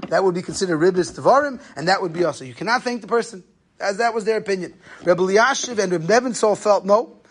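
A man giving a Torah class on Jewish law, telling stories in a lively way and mixing in Hebrew and Yiddish terms. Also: high voice, quick pace. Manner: animated storytelling, Yeshiva-style Hebrew and Yiddish terms. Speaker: rabbi lecturer.

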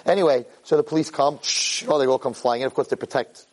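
A man's voice: mid-range voice, fast talker, low-quality recording. A man giving a Torah lecture as a rabbi, telling stories in an emphatic, rambling way. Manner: animated, emphatic, rambling storyteller.

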